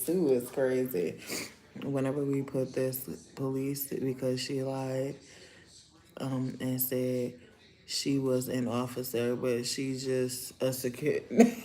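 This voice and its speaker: A woman hosting a casual livestream, chatting in slang and often breaking into loud laughter. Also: extremely low pitch, roomy sound. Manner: gossipy, bursts into loud laughter; chatty, slangy, talks while doing her nails. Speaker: livestream host.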